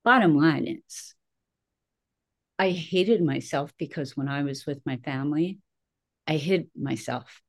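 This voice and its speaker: A middle-aged woman hosting a podcast, telling personal stories in a lively way and laughing at herself. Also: low-pitched, unhurried, long pauses. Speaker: podcast host. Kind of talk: casual podcast conversation.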